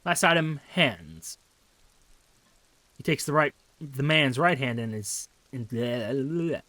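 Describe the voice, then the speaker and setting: A man's voice: mid-range voice, animated, slow, sharp tone, no echo. A man narrating a detective game, reading the text aloud in a casual way with wry asides. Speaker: game streamer.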